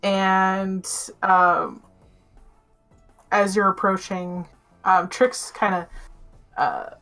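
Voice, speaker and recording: A woman narrating a tabletop game as game master, with many pauses and ums. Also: mid-range voice, a bit bright, faint music behind. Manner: hesitant, lots of ums.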